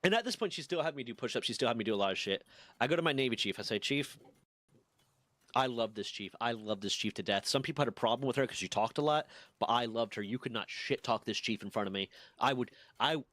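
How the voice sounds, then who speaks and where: A man's voice: mid-range voice, lively intonation, fast talker, fairly bright tone, no room sound. A man in his twenties casually telling a rambling, profane story on a stream. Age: 20s.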